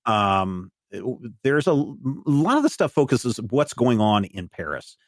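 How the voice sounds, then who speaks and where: A man narrating as game master of a tabletop game, rambling with many pauses and fillers. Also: medium pitch, sing-song, dry recording, clean studio sound. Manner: rambling, many "uh"s and restarts while describing.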